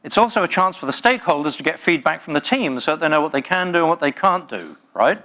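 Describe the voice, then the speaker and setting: A man's voice: on the high side, expressive, fast, pushed and bright. A man giving a live talk at a tech conference, passionate and emphatic, with playful jokes to the room. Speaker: conference speaker.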